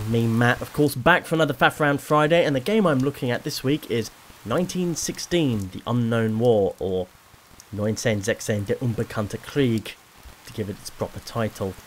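A man's voice: medium pitch, expressive, a little fast, a little hiss or hum. A man giving chatty, rambling, self-deprecating commentary while playing a video game. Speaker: let's play host. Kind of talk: casual gameplay commentary.

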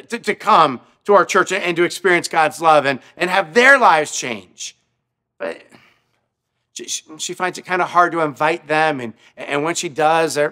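A man's voice: fairly high pitch, pushed and bright. A male pastor telling a story in a sermon, earnest, often repeating his words as he speaks. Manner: stammering repetitions, earnest.

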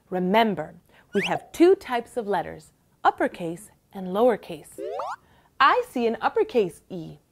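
A woman's voice: mid-range voice, a little hiss or hum. A woman hosting a bilingual children's lesson, speaking in an encouraging sing-song way. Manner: slow, lively, encouraging sing-song delivery. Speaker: children's teacher host.

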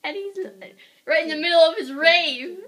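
A woman's voice: very high-pitched, normal speed, pushed and bright. A young woman vlogger telling a rambling, giggly story during a shadow puppet show. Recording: noisy home video.

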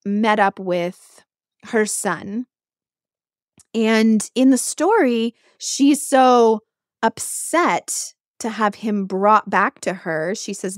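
A woman hosts a podcast, retelling an old myth in a chatty, animated way and breaking off for asides to the listener. Her voice sits at an ordinary pitch on a close mic, and the recording is dry. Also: no room sound. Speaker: podcast host.

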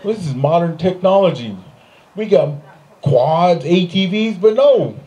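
Animated male stand-up comedian. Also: unhurried, lo-fi sound. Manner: animated storyteller, jumps to high put-on voices for other people; laughs often at his own jokes. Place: stage in front of a live audience.

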